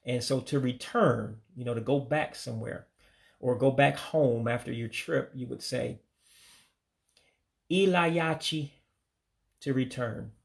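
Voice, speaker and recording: An American man giving a casual vocabulary lesson, saying each word slowly, repeating it, then giving its English meaning. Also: medium pitch, fairly even intonation, gravelly. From United States. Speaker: language learner teaching vocabulary.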